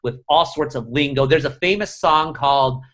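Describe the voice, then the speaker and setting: Animated, profane male columnist guest. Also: fairly high pitch, moderate pace. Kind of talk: casual interview conversation.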